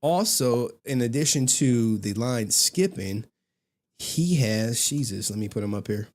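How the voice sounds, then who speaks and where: A young adult man hosting a casual livestream, telling stories and laughing often. He swears freely. His pitch moves a lot as he talks. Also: measured pace. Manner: laughing, profane, animated storytelling. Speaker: livestream host.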